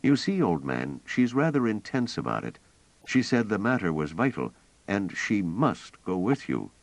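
A man voicing a fussy, gentle elderly male scholar who rambles and talks hesitantly. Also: fairly low pitch, sing-song, moderate pace, creaky, dry recording, voice pushed up, low-quality recording. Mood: earnest. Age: older. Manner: hesitant, wordy, polite.

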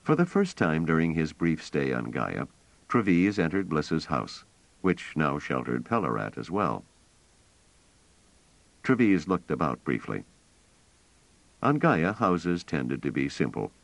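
A man narrating a novel in a measured, expressive reading style, recorded close to the mic. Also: a bass voice, creaky, dry recording. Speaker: audiobook narrator. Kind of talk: scripted narration.

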